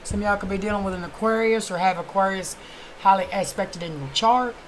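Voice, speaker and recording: A woman's voice: mid-range voice, brisk, a little hiss or hum, poor audio. Chatty woman doing a tarot reading. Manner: chatty, swears casually, fillers like "you know"; murmurs softly while shuffling and chanting signs. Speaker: tarot card reader.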